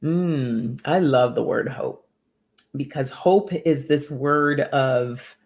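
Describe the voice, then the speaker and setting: A woman's voice: a bass voice, slow pace, a little mellow. A woman giving casual oracle card readings to viewers by name, chatty and upbeat, laughing often.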